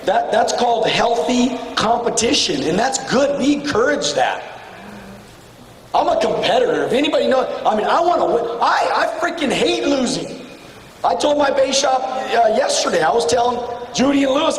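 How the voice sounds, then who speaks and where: 一位在大厅里远远录下的男性激励演讲者，声音偏高. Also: male voice, very animated, moderate pace, slight background noise. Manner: blunt and profane, swings between shouting and low intense tones. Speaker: motivational speaker at a sales retreat. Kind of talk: motivational speech to a room. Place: large hall with an audience. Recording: echoey hall from far off with faint ambience.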